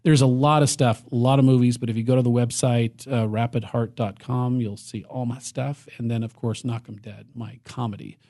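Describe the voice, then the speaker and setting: A man's voice: medium pitch, steady tone, moderate pace, hardly any pauses, warm tone. A middle-aged man chatting casually as a podcast guest, rambling with many fillers and easy laughs. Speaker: guest filmmaker.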